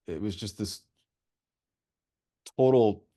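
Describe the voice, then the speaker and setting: A man, a filmmaker guest telling a candid story at a Q&A in an animated, profane way. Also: lowish voice, takes it slowly. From US Pacific Northwest. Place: post-screening Q&A.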